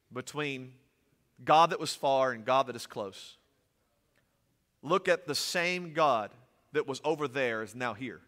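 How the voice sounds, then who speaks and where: Man, pastor, lively sermon with jokes, bright tense voice, long church reverb. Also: mid-range voice. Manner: animated preaching with humorous asides, swings from loud to soft. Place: church sanctuary.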